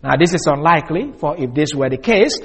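A man preaching an expository Bible teaching, measured and deliberate, slowing down to stress key words. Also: a little high, animated, a bit bright, breathy edge. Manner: measured, deliberate, with restarts and slow emphasis.

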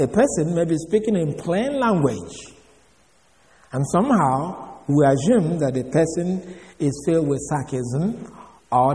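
A man preaching a sermon, explaining words in a slow teaching manner with pauses and fillers. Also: medium pitch, a little mellow. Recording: long hall reverb.

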